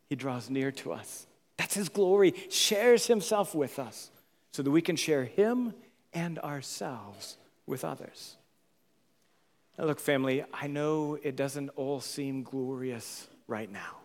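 A male pastor preaching a sermon, moving between loud, urgent emphasis and hushed, whispered tenderness. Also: mid-range voice, expressive, unhurried. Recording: long hall reverb.

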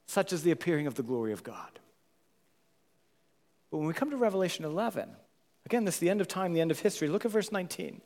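Male pastor, sermon, fairly high voice, rising to urgent emphasis and dropping to near-whispers, long reverb. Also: very animated, fast talker, long pauses. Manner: swings from loud, urgent emphasis to hushed, near-whispered tenderness.

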